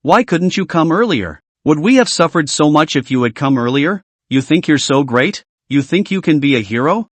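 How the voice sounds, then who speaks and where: A man's voice: on the high side, lively intonation, moderate pace, hardly any pauses, no echo. A man voicing a bitter, resentful woman survivor in a story recap, snarling accusations. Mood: accusing.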